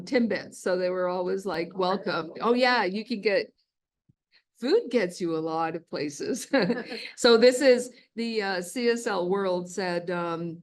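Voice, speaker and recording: A woman in her sixties giving a casual storytelling lecture at a museum, chatty and quick to laugh. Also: on the low side. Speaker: guest lecturer, former ship's cook. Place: lecture hall.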